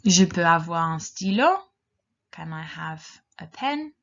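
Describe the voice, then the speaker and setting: Lady teacher, lowish voice, slow careful instructions for kids, kinda muffled audio. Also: sing-song. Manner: slow, clear, encouraging instructions. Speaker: language teacher. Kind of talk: recorded classroom lesson for children. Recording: dull lo-fi recording.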